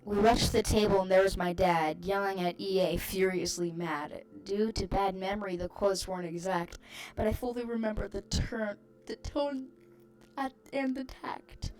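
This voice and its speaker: A woman's voice: mid-range voice, steady tone, normal speed, darkish tone. A woman hosting her channel, reading a rhyming online post aloud with amused, giggly asides.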